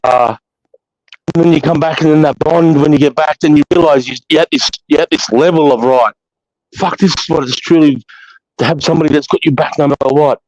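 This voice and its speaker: A slightly fast, a little mellow, higher-pitched man hosts a live chat: Australian, blunt, heavily profane and emphatically preachy in casual monologue. The recording has no echo and sounds dull, dry and lo-fi.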